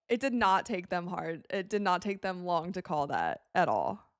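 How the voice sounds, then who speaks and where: A young woman from Wisconsin hosting a live game watch party, chatting casually and reacting excitedly to plays as she talks. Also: fairly low pitch, dry recording, clean studio sound. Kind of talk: live casual commentary to chat.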